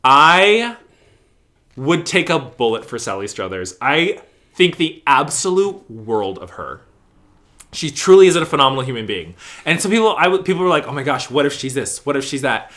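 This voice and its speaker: A man talking casually in an interview about his work in theater company management, animated and gushing, acting out what people said. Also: medium pitch, normal speed. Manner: animated, gushing storyteller who acts out quotes.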